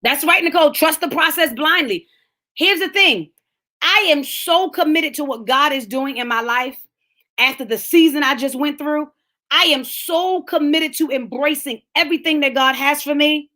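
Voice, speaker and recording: A middle-aged woman giving a fervent sermon-style motivational talk, speaking plainly and straight to her listeners, at times rising to a shout. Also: high-pitched, normal speed. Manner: fervent preaching, talks straight to listeners by name. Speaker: speaker of a lunchtime empowerment talk.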